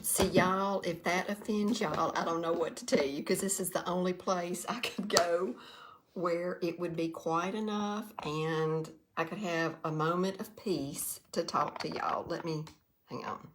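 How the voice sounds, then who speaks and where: A woman's voice: lowish voice, fairly even intonation, a little slow, background noise. A woman, chatting on a livestream, tired and nervous, folksy, greeting viewers by name. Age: 60s. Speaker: direct sales livestreamer. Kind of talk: casual livestream talk to viewers. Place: quiet room.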